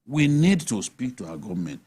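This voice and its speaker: A man's voice: medium pitch, sing-song, brisk, darkish tone, husky. A man with a Nigerian accent, speaking as a guest on a TV studio panel, arguing emphatically and asking rhetorical questions. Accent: Nigerian English. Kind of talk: animated studio panel discussion.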